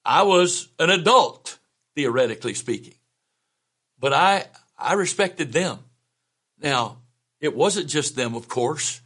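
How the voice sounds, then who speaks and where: A man's voice: fairly high pitch, expressive, fairly bright tone, breathy edge. Older man preaching with folksy stories. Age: 70s. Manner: folksy personal storytelling, unhurried. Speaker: bishop. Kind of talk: sermon.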